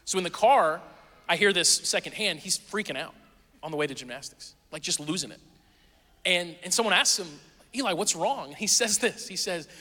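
A man in his thirties delivers a sermon with a high, bright voice, easing from casual family stories into earnest teaching. His words carry a long reverb from the church hall he speaks in. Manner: storytelling, conversational with animated quoting. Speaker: pastor. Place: church auditorium.

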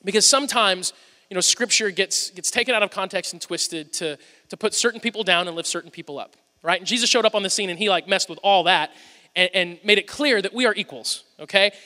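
Man, pastor, very high voice, sermon, long echo of a big church hall. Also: fairly quick, sharp tone. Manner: conversational, humorous storytelling. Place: church sanctuary.

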